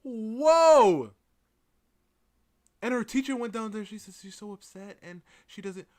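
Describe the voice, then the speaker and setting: A woman co-host reacting with loud, slangy, joking disbelief and frequent laughter. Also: medium pitch, fairly quick. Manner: animated, incredulous, laughing, slangy.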